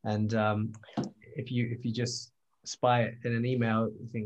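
A man's voice: fairly low pitch, little pitch movement, moderate pace. A man hosting a conversation, a bodywork practitioner, talking with hesitant restarts. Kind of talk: conversational interview. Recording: dull lo-fi audio.

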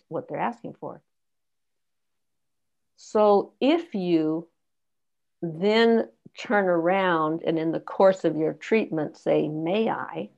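A woman educator explaining a concept in conversation, deliberately teaching through example questions. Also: fairly low pitch, gravelly, a little mellow. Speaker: consent educator and guest. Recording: dull lo-fi audio.

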